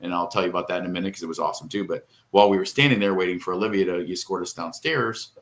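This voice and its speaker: Low-voiced middle-aged man telling a heartfelt story. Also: rapid-fire, a bit bright. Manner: rambling and emotional, tearing up. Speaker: podcast co-host. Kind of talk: casual chat.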